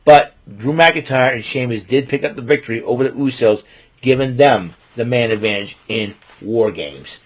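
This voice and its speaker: A man's voice: mid-range voice, normal speed, breathy edge. A man hosting his own wrestling show, recapping matches and giving picks in a rambling, chatty way. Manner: rambling, chatty, restarts and fillers. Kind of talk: casual solo recap and predictions.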